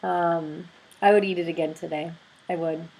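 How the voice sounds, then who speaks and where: A woman video blogger telling a story in a casual, excitable and gushing way. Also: fairly low pitch, normal speed, gravelly, low-quality recording.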